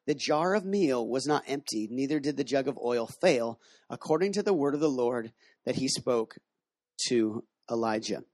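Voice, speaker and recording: A man teaching a casual sermon, retelling a Bible story in slangy, animated terms and reading scripture aloud. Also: medium pitch, moderate pace, no echo, clean studio sound. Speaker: missions base director teaching.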